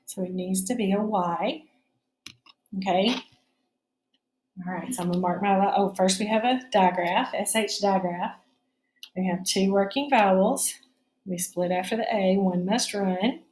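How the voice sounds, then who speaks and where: Slow, patient woman teaching phonics. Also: medium pitch, darkish tone, reverberant, slight background noise. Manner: patient, step-by-step explaining. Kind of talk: phonics lesson.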